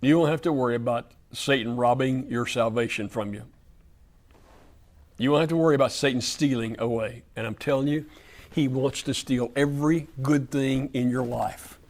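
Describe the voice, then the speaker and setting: A man's voice: mid-range voice, fairly even intonation, moderate pace, a little mellow. A man leading a Wednesday night Bible study before a church audience, speaking emphatically with lots of repetition and slipping into folksy storytelling.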